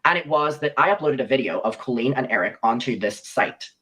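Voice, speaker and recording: A man's voice: mid-range voice, lively intonation, fairly quick, sharp tone, slightly rough, rough recording. A young man, telling his side of a story and reading out messages, rambling with lots of ums and likes. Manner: rambling, many fillers like "um" and "like".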